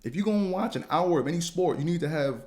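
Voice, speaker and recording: A man hosting a podcast, talking in a casual, slangy, profane monologue that rambles and jumps higher when he gets fired up. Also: animated, fast, darkish tone. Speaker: podcast host.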